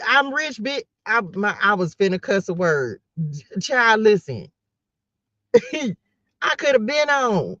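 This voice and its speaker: A woman's voice: mid-range voice, no echo, highs cut off. A woman tarot reader giving a casual motivational talk to her viewers, playful and slangy, laughing often.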